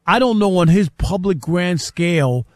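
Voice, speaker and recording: A man's voice: sits high, animated, normal speed, darkish tone, no room sound, clean studio sound. An older man hosting a sports talk show, speaking in casual, rambling sentences and often repeating words as he starts a thought. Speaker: sports radio host.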